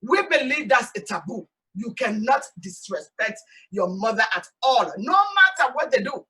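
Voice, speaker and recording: A woman from Sierra Leone with a Sierra Leonean accent, hosting an animated, emphatic talk monologue outdoors. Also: on the high side, normal speed, recorded from a distance, poor audio. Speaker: host. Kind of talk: casual talk show monologue. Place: outdoors in hot sun.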